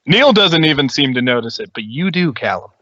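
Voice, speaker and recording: Lively bright-voiced man running a game. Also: mid-range voice, fairly quick, dry recording. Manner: playful, laughing narration. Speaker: game master. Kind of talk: narrating a tabletop game. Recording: dull lo-fi dry recording.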